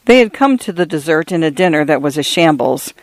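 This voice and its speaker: A man narrating a literary story aloud in a measured, even way. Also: a little high, dry recording. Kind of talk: scripted story reading.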